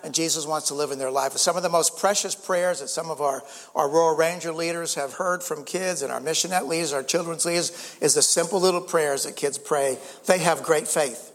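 A man's voice: on the high side, big-room sound. An older man preaching a sermon as pastor, earnest, often repeating words and rising for emphasis. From United States.

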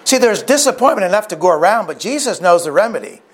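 A male preacher with a fairly high voice retells a story vividly in his sermon. He often restarts and throws in asides as he goes. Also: very animated, fast talker.

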